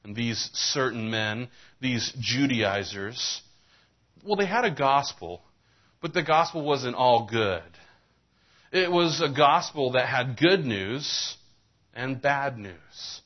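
A man's voice: mid-range voice, expressive, slow. Folksy male pastor preaching, dull lo-fi sound. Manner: storytelling preacher with folksy jokes. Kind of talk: sermon.

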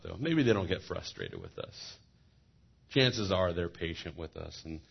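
Deep, husky-voiced male preacher. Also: highs cut off. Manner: animated, repeats words, joking asides. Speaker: pastor. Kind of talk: sermon.

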